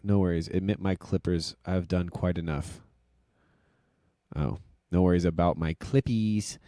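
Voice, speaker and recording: Low, smooth-voiced rambling streamer guy. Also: steady tone, moderate pace, a little mellow, dry recording, studio quality. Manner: rambling, filler-heavy, self-deprecating. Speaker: livestream host and music producer. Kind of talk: casual livestream chat.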